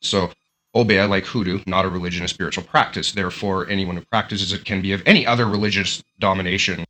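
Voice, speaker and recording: A man telling a personal story in a casual, animated way, with lots of fillers and restarts. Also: sits low, fast.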